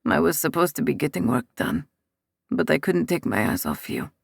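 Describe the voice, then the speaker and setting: A woman voicing a commanding Italian mafia boss, an adult man who speaks low and soft with an Italian accent. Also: sing-song, moderate pace, gravelly, breathy edge, no echo, clean studio sound, heavily acted. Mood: tender.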